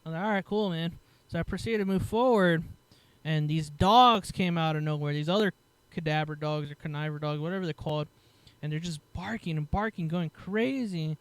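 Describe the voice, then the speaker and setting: A man's voice: fairly high pitch, a little fast, clean tone, dry recording. A man telling a story in casual chat, swearing often and acting out what other people said. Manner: animated, swears a lot, laughs, acts out other people's lines. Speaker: podcast host telling a story.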